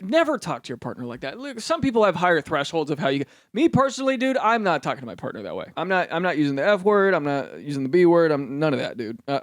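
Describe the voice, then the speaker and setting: A young man talks through comedic commentary in a high voice that leaps all over the place. He rambles, swears casually and stops to correct himself. The sound is dry and close to the mic, with no room around it. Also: a bit bright, no room sound. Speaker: host reacting to online posts.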